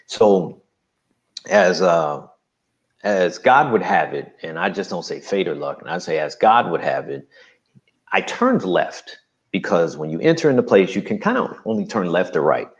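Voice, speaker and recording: Deep gravelly guy telling his story, lively ups and downs, kinda muffled audio. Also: moderate pace. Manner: animated storytelling with acted quotes. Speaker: guest. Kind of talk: personal storytelling interview.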